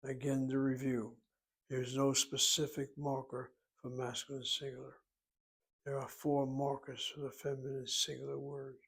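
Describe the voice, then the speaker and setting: Husky, flat-voiced male Hebrew teacher. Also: medium pitch, normal speed. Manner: methodical, explains step by step. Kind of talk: recorded language lesson.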